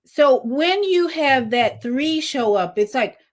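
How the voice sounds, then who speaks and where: A woman hosting a conversational interview, talking emphatically and animatedly, jumping up in pitch when she quotes people. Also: animated, takes it slowly. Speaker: host. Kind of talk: casual interview chat.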